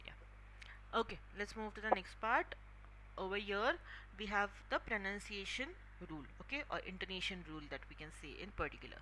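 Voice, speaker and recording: A woman's voice: medium pitch, animated, fairly quick, bright, forceful tone, a little hiss or hum, poor audio. A woman teaching an online English class, explaining things step by step and often checking in with "okay".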